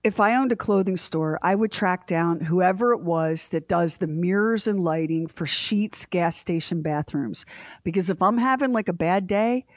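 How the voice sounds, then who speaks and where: A middle-aged woman co-hosting a radio show, telling a funny story in a casual, animated way with laughing asides. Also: fairly low pitch, moderate pace, no echo.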